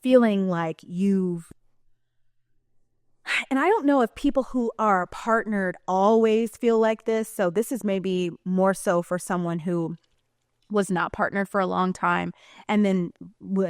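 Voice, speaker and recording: A woman's voice: mid-range voice, measured pace, clean tone, dry recording, studio quality. A woman talking in a casual vlog monologue, chatty, colloquial and emphatic. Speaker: vlogger.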